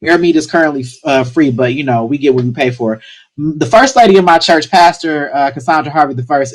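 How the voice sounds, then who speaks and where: A man speaking, hosting an online poetry slam in a joking, lively way. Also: a little high, poor audio. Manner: joking, laughs often, lively. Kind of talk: casual emceeing.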